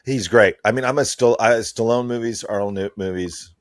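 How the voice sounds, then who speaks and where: A man's voice: fairly low pitch, normal speed, no echo, clean studio sound. A middle-aged man chatting as a podcast guest, telling enthusiastic stories about the movies he loves. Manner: animated, enthusiastic storyteller. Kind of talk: casual chat.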